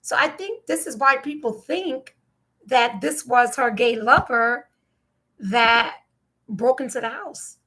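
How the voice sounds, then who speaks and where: A woman from New Jersey talks through the news in a casual, rambling monologue. Her voice sits a little high, and she keeps stacking up incredulous questions. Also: slow, sharp tone. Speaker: podcast host.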